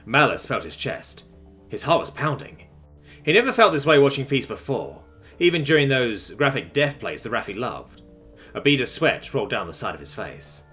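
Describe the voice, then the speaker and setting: A man narrating a science fiction story in a dramatic, expressive reading. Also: mid-range voice, normal speed, faint music behind. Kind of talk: scripted audiobook narration.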